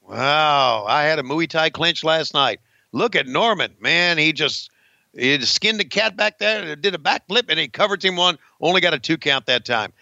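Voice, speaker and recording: A man's voice: fairly high pitch, expressive, moderate pace, vocal fry, pushed and bright, no room sound, dull audio. A man calling play-by-play over an old wrestling match, crude and rambling, joking with his co-host and cursing often.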